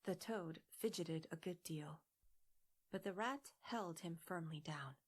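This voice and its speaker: Soft, breathy woman reading a storybook. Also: on the low side, slow pace. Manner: gentle, hushed, half-whispered. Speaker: audiobook narrator. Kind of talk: soft audiobook narration.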